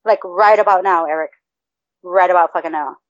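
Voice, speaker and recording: A woman's voice: on the low side, normal speed, dry recording, muffled recording. A woman from El Paso co-hosting a podcast in casual chat, cursing freely and erupting in mock-outraged outbursts. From El Paso, Texas. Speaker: podcast co-host.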